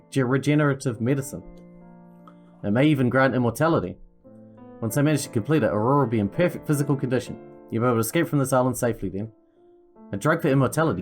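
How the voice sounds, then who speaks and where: A man voicing a calm, determined male scientist in a visual novel, explaining in a measured way. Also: medium pitch, close to an everyday voice. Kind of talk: reading a visual novel aloud.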